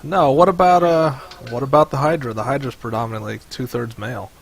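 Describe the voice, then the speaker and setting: A man's voice: medium pitch, fairly even intonation, brisk, gravelly, slightly rough. A man running a tabletop game as game master over voice chat, rambling with many fillers. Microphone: headset or desk mic on voice chat.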